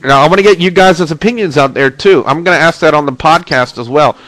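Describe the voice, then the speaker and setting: On a low-quality, dry webcam-mic recording, the host of a wrestling and video game webcast talks fast in a slightly high, somewhat bright voice. He sounds stuffy and congested, chatting casually while plugging links and reading the chat.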